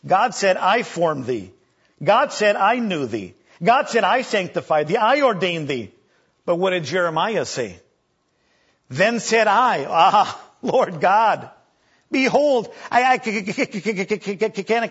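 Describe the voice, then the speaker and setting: High husky-voiced male preacher. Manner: animated preaching, acts out scripture voices, stutters for effect. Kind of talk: sermon. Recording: dull lo-fi recording.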